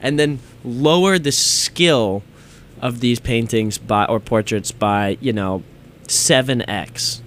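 A man co-hosting a podcast in casual chat, laid-back and giggly, often pausing on "um". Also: mid-range voice, a little hiss or hum. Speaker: podcast co-host.

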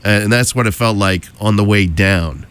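A man with a hoarse, froggy voice from a cold, working as a radio DJ and chatting casually on air from a station studio, rambling with jokey asides. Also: lowish voice, moderate pace, a bit bright.

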